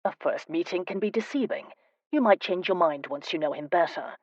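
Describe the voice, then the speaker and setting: A woman narrator voicing a proper, earnest male diplomat in an audiobook, in a measured, reasoning way. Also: lowish voice, lively intonation, dry recording, lo-fi sound. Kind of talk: audiobook character voice.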